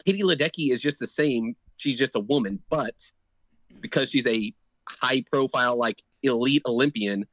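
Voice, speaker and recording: A man making his case on a casual sports podcast, laying out points one after another in everyday speech. His voice sits at a middling pitch, and the recording is dry and close. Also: moderate pace, fairly bright tone, no echo. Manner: argumentative, laying out points with many "like" fillers. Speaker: podcast co-host.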